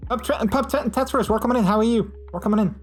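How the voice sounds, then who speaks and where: A man with a very high voice talks fast on a casual stream, reading out viewer messages and chatting warmly, with many fillers and restarts. Faint music plays behind him.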